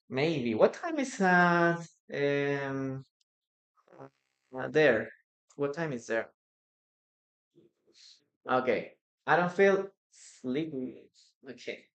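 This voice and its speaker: On a live-streamed English lesson, a Spanish-speaking teacher with a mid-range voice talks at a slow pace. Words get repeated slowly so viewers can catch the pronunciation, and chat messages are read aloud; the recording has a roomy echo.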